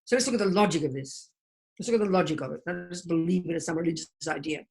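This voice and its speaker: A woman's voice: lowish voice, fast talker, creaky, breathy edge. An older woman giving a Buddhist teaching over a video call, forthright and emphatic, repeating her key phrases.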